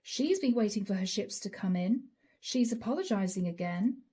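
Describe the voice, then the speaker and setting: This tarot reader channels a reading with dramatic emphasis, repeating lines while playing out imagined dialogue. Her mid-range voice is warm and slightly rough, with lively intonation at a normal speed.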